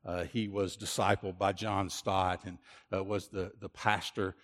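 A man's voice: sits low, flat delivery, unhurried, fairly bright tone, big-room sound. A man pastor preaching a sermon, earnest and repetitive, often restarting his phrases. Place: church.

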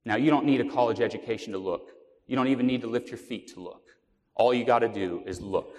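A man's voice: mid-range voice, fast, darkish tone. A man preaching a sermon, telling a story earnestly with fillers and restarts. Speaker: pastor. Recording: long hall reverb.

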